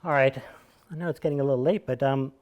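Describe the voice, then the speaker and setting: A man's voice: mid-range voice, steady tone, quick pace, a little mellow, highs cut off. An American man in his fifties gives a conversational storytelling monologue to an audience in a small theater, with wry, digressive asides and chuckles. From United States. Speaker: solo performer speaking to an audience.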